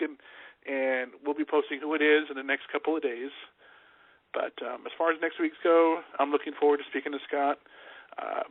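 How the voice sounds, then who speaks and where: A man's voice: a little high, steady tone, normal speed, dry recording. A man co-hosting a casual wrestling radio show, rambling with fillers and restarts. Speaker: podcast co-host. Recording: tinny phone-line audio, dry.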